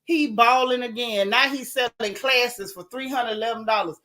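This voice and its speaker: A woman with a bright, forceful voice and fairly high pitch hosts a casual gossip chat. She tells her stories to live viewers in an animated, joking, folksy way. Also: normal speed. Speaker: show host.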